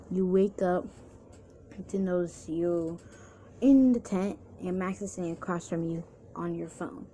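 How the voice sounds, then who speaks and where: A woman's voice: lowish voice, warm tone, slight background noise. A woman narrating a second-person fan story casually, with restarts and chatty asides.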